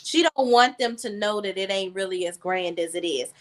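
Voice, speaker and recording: A woman's voice: medium pitch, moderate pace. A woman co-hosting a casual gossip chat, emphatic and sassy, tossing in "okay?" and "honey" often. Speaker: podcast co-host.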